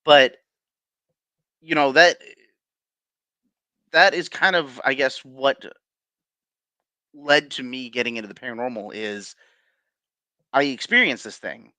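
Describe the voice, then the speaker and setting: A man's voice: mid-range voice, slow, pauses often, bright, forceful tone, no echo. A man being interviewed as a paranormal investigator, telling his stories casually with many fillers, restarts and chuckles.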